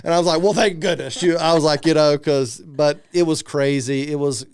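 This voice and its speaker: A man in his thirties, a guest speaker on a podcast, telling a personal story in a casual, animated way and acting out the people he quotes. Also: fairly high pitch, brisk, clean tone, dry recording, studio quality.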